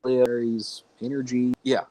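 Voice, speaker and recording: This man has a mid-range voice with little pitch movement, a slightly slow pace, and a dark tone, captured as a dry recording. Appearing remotely as a podcast guest, he rambles bluntly through a long story, swearing now and then. It's a casual storytelling interview.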